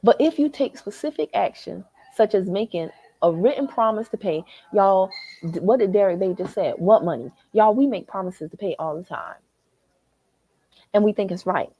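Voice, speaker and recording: A woman with a Southern American accent hosting a livestream, talking straight to her viewers in a worked-up, animated way from a hotel lobby. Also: mid-range voice, moderate pace, no room sound. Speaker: livestream host. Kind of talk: animated live chat reading comments.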